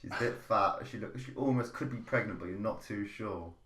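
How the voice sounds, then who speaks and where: A man's voice: on the low side, echoey room, background noise. A man co-hosting a comedy podcast, telling rambling setups with frequent laughs. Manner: slow, rambling, laughs often. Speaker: podcast co-host. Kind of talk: casual chat.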